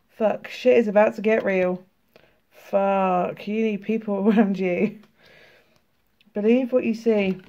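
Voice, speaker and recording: British woman vlogger with a sore throat, gravelly, casual and laughing, swears a lot; lo-fi home recording. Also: medium pitch, mellow. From United Kingdom. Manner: chatty and laughing, swearing freely. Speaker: tarot and oracle card vlogger. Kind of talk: casual card flip-through, reading cards aloud.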